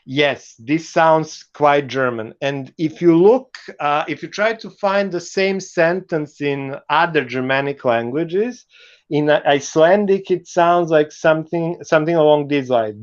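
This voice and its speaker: A man with a Serbian accent giving an online university lecture, halting and full of "uh" fillers. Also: mid-range voice, clear, resonant tone, muffled recording.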